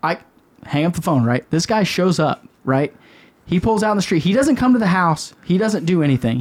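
A middle-aged man hosting a podcast, telling a story in a casual chat with lots of cursing and emphatic, animated delivery. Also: fairly high pitch. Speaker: podcast host.

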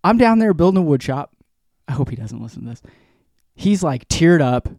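A man in his forties telling a long rambling story in casual chat, animated and profane, as a podcast co-host. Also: fairly high pitch, normal speed, no room sound, clean studio sound.

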